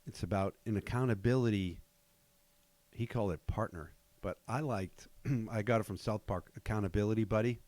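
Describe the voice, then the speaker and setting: Low-voiced guy hosting a podcast, dry humor, dead dry mic. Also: normal speed, darkish tone, no room sound. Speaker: podcast host. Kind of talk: casual podcast chat.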